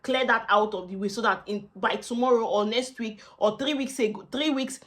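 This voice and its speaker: A woman's voice: on the high side, moderate pace, fairly bright tone. A young woman with a Nigerian accent giving casual advice to students in a vlog. She talks in a chatty way, repeats herself often and slips into pidgin asides. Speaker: student vlogger.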